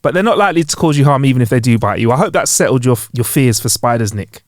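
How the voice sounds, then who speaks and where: A man's voice: mid-range voice, expressive, fast talker, no echo. Sweary joking man on a podcast. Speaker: podcast co-host. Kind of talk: casual chat.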